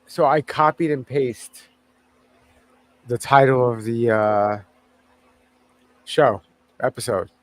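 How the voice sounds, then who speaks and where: A man's voice: medium pitch, slow, long pauses. Rambling male podcast co-host. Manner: rambling, self-correcting, swears casually. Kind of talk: casual chat.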